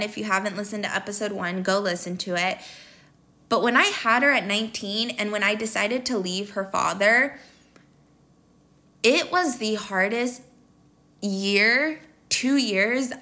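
A woman's voice: on the high side, bright, forceful tone. A woman in her thirties hosting her own podcast, telling a candid, emotional personal story straight to her listeners. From American Midwest. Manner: emotional, candid, addresses listeners as "you guys". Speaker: podcast host. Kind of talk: confessional podcast monologue.

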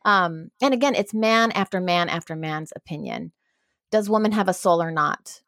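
A woman co-hosting a podcast, chatting about a book in a lively, casual way. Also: fairly low pitch, normal speed, no room sound, studio quality. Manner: animated, chatty, reacts with disgust and laughter.

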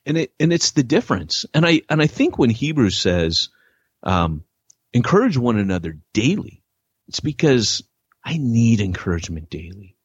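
Lively, husky-voiced male podcast host. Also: normal speed, no echo. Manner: animated storyteller, acts out quotes with big pitch jumps. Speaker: podcast co-host, church planting author. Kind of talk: casual podcast conversation. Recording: dull lo-fi dry podcast audio.

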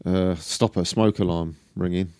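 A man's voice: low-pitched, steady tone, measured pace, very noisy. A man co-hosting a podcast in casual chat, hesitant and dry, with many ums. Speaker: podcast co-host.

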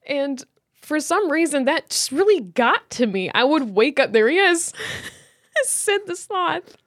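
Animated young woman telling a story. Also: sits high, moderate pace, no echo, studio quality. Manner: animated storyteller, swearing, laughing. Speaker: podcast co-host. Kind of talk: casual chat.

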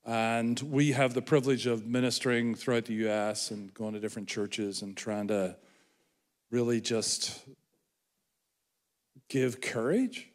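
A man's voice: medium pitch, fairly even intonation, a little slow, long pauses. A man with an Irish accent preaching a sermon in a church, joking with the congregation about himself. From Ireland. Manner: self-deprecating, joking with congregation. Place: church hall. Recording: reverberant church hall.

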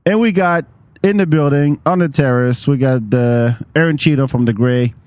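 A man's voice: mid-range voice, normal speed, a little mellow, dry recording. A man hosting a podcast, chatting loosely and joking, swearing freely, recorded on a hotel terrace. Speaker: podcast host. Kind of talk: casual chat.

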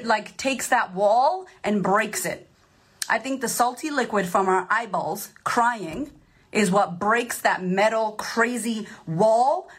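Brief: a husky, fairly high-voiced woman coach who talks emphatic and profane. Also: a bit bright. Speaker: life coach. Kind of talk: casual motivational monologue.

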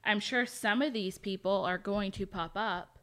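Woman guest on a bible podcast, smooth clear voice, kinda hesitant and thoughtful. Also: medium pitch, moderate pace, a bit bright. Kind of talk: casual Bible study chat.

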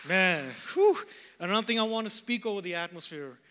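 A male pastor preaching at a revival gathering, fervent and shifting between shouts and quiet, prayerful tones. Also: high-pitched, animated, brisk, some chatter behind. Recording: echoey hall.

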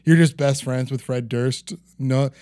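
Joking podcast guest, dry close sound. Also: male voice, mid-range voice, fairly even intonation, warm tone, dry recording. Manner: joking, quick teasing asides. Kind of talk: casual chat about comedy.

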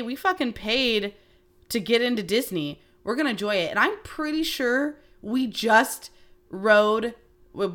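A woman around thirty hosting a podcast, telling stories in a casual, animated way and swearing freely. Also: medium pitch. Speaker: podcast host. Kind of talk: casual storytelling chat.

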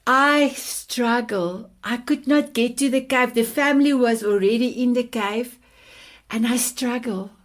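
A woman's voice: a little high, unhurried. Heartfelt South African woman in her fifties. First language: Afrikaans. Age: 50s. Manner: heartfelt, affectionate, repeats endearments. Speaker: guest. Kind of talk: emotional personal storytelling.

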